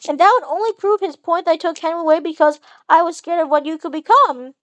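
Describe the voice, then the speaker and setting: A woman voices a frightened male hero who keeps defending himself and pleading. The voice is very high and nervous. The recording is dry and close. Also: fast talker, a bit bright, no room sound, highs cut off. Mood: defensive. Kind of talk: amateur fanfic reading.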